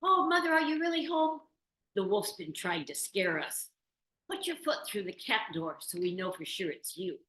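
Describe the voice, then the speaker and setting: A woman voicing two frightened little goat kids in a fairy tale, high, squealing and insistent. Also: big pitch swings, normal speed, a bit bright. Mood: anxious. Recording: roomy meeting-room recording.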